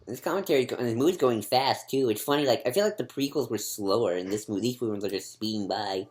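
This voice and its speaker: A co-host in a casual movie commentary, chiming in with short jokey remarks. The voice sits at an ordinary pitch and laughs a lot. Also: quick pace, a little mellow. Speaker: podcast co-host.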